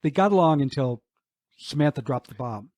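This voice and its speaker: A man's voice: medium pitch, animated, moderate pace, darkish tone, no room sound. A man co-hosting a podcast in casual chat, giving brief, matter-of-fact replies.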